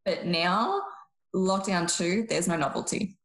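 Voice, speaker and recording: A woman with an Australian accent, a psychologist guest chatting casually on a podcast in an animated, slangy way. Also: fairly low pitch, unhurried, roomy sound, rough recording.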